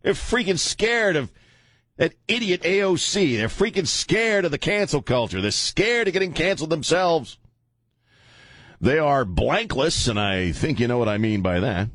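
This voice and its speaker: A man from Louisiana hosting a talk radio show, ranting bluntly and rambling with animated swings. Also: on the high side, normal speed, no room sound. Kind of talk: opinionated talk radio monologue. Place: radio studio.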